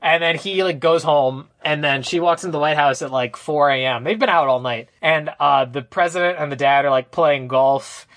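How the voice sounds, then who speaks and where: A young adult podcast co-host casually retelling a movie plot, rambling and acting out the characters' lines with big jumps in pitch. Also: moderate pace, hardly any pauses, fairly bright tone, dry recording. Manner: loose, rambling, full of "like" and "uh". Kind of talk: casual movie recap chat.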